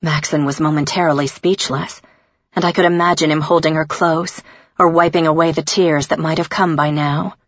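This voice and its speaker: A woman reading a first-person story as audiobook narration, in a measured way, on a dull lo-fi recording. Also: low-pitched, fairly even intonation, no room sound.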